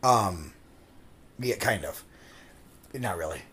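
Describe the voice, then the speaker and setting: A man's voice: lowish voice, expressive, slow, pushed and bright, husky. A man co-hosting a casual podcast, rambling through stories, laughing often and swearing casually. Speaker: podcast co-host. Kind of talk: casual chat.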